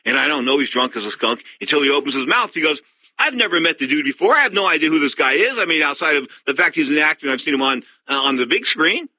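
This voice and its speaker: An older man hosting a sports radio talk show, telling stories in an animated way and acting out quotes. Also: fairly high pitch, quick pace, no echo. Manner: animated storyteller who acts out quotes. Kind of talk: casual sports talk commentary.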